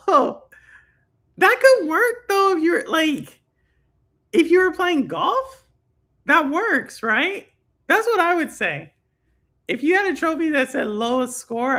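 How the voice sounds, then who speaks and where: A young woman hosts a casual live stream in a bright, high voice that swings all over its range. She talks loosely to her chat, with plenty of fillers and quick laughs. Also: very animated. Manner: chatty, laughing, lots of fillers. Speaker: stream host reading chat.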